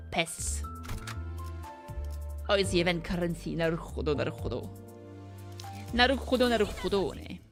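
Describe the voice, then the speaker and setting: A woman's voice: lowish voice, animated, normal speed, pauses often, a bit bright, faint music behind. A young woman casually commentating a game she streams, playful and chatty, mixing in Japanese fillers. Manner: playful, reads game text aloud, drops Japanese fillers.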